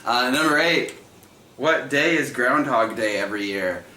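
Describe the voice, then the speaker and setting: A man in his thirties runs a trivia night over a livestream, talking in a loose, chatty way and laughing often as he reads out and repeats each question. His voice has a bright, forward edge. It sounds like a room at home that is a bit echoey, with a faint hum behind him. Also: medium pitch, expressive, measured pace.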